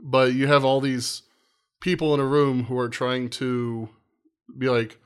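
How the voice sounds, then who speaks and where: A man's voice: mid-range voice, level tone, unhurried, clean tone. A man hosts a loose podcast conversation in an ordinary mid-range voice. He rambles, jokes at his own expense and keeps losing his point. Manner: rambling, self-deprecating, loses his train of thought. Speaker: podcast host. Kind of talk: casual chat.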